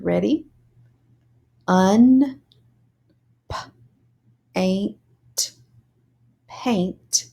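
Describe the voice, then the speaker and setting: A woman's voice: lowish voice, creaky, dark tone. A woman teaching a reading lesson, spelling words letter by letter and sounding out syllables. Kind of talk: slow, deliberate reading lesson.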